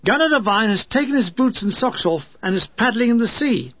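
Wry, high-voiced man reading a memoir. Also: animated, fairly quick, no room sound, muffled recording. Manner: wry, lyrical. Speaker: narrator reading his own war memoir. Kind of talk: audiobook reading with comic asides.

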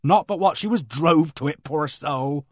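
A man voicing a housemaid who relishes bad news, speaking with dramatic gloom and knowing pauses. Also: on the high side, a little mellow, no room sound, studio quality. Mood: gloomy relish.

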